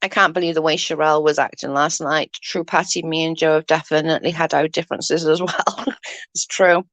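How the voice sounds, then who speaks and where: A woman's voice: sits low, flat delivery, fairly quick, a bit bright, no room sound. A woman hosting a casual live stream, chatting and yawning as she reads comments. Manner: chatty, yawning, says "allegedly" often.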